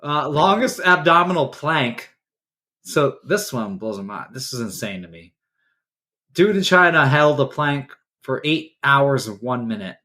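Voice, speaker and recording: A man's voice: mid-range voice, very animated, measured pace, bright, forceful tone. A man co-hosting a podcast, reading out odd records with wry, sarcastic jabs. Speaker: podcast co-host. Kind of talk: casual chat.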